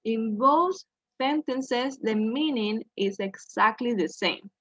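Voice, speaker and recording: A woman walks students through an English grammar point, speaking slowly and tagging "okay" onto nearly every step. Her voice sits a little high, close and dry. The sound is dull and lo-fi. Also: a bit bright, dry recording. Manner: slow, repeats "okay" to check in with students. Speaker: English teacher. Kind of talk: online grammar lesson.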